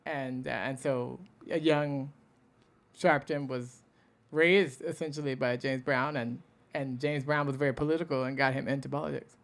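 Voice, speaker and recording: A man's voice: mid-range voice, fairly even intonation, normal speed, vocal fry. A man co-hosting a comedy podcast, rambling through stories with restarts and dry jokes. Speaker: podcast co-host. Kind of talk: casual comedic banter.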